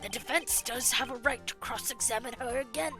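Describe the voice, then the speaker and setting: A flustered old judge in a courtroom game, loud and formal, with a bright, high voice and faint music behind him, as a woman puts him on. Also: fairly quick. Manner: loud, banging out orders. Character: flustered older male judge, easily swayed.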